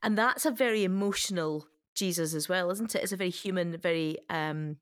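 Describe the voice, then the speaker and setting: Woman, podcast co-host, rapid speech, lowish voice, dry close sound, thinks aloud. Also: no echo. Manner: quick, thinking aloud with restarts. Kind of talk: casual discussion.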